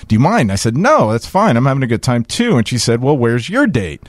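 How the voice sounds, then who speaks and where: Animated man telling a story. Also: mid-range voice, brisk, no room sound, studio quality. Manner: animated, acts out dialogue in a lively storytelling voice. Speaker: podcast host. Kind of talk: casual storytelling chat.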